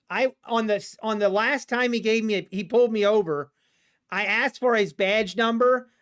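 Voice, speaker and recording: A man hosting a live trading stream, telling a rambling personal anecdote in a casual, animated way with frequent restarts. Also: high-pitched, clean tone. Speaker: livestream day-trading host.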